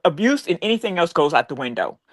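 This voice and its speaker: A woman's voice: lowish voice, sing-song, fast. A woman in casual live-stream chat, talking in an emotional, emphatic way.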